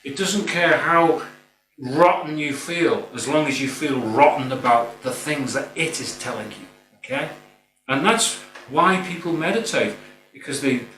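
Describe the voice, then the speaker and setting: A man's voice: a little high, a little slow, bright, forceful tone, soft background music. A middle-aged man giving an earnest, informal spiritual talk, rambling a little and often saying "you know". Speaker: spiritual speaker. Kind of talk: spoken reflective talk. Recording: roomy, distant mic with faint hum.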